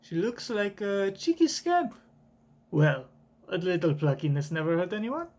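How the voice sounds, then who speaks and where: A man voicing an excitable older genius scientist in a wavering put-on accent while reading a comic aloud. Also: sits high, unhurried. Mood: amused.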